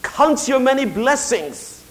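High-voiced man preaching a sermon. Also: sing-song, rough recording. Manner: swings from quiet confiding to slow emphatic declaration. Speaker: pastor.

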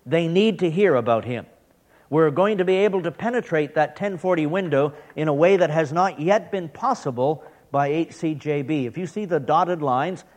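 A man's voice: a little high, a little mellow. A man with a Canadian accent giving an earnest church mission presentation about radio broadcasting, with playful asides.

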